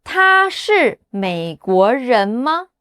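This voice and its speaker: Female language teacher, lively pitch, unhurried delivery, patient repeat-after-me drills. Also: clear, resonant tone, no echo, studio quality. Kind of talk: scripted language lesson.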